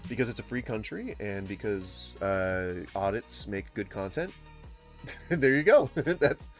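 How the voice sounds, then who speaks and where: A man giving casual video commentary, his voice swinging widely up and down as he jokes and rambles. Faint music sits softly under his talk. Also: on the low side, slow. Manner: animated, joking, rambling asides. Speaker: host reacting to videos.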